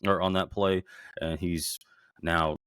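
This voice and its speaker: A man co-hosting a podcast, swearing and talking excitedly about a football game, his voice worn from shouting. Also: low voice, slow pace, clean tone. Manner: profane, excitable fan banter. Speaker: podcast co-host. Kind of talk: casual sports chat.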